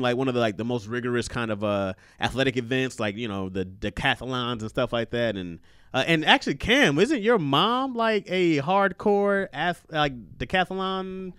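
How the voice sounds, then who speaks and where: A man's voice: mid-range voice, animated, moderate pace, a bit bright, smooth, no echo, clean studio sound. A man in his thirties hosting a podcast, talking loosely and profanely and laughing often. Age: 30s. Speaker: podcast host. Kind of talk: casual podcast chat.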